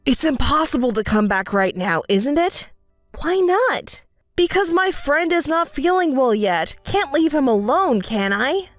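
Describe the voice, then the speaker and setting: A woman's voice: high-pitched, expressive, measured pace, faint music behind. A woman voicing an evasive, apologetic young husband in a text story, stammering and placating.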